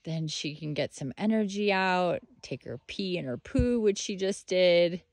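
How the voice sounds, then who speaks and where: A woman's voice: lowish voice, animated, measured pace, darkish tone, no echo. A woman vlogging outdoors while walking her dog, chatting in a rambling way with fillers and slipping into sing-song baby talk for the dog. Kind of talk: casual video diary chat.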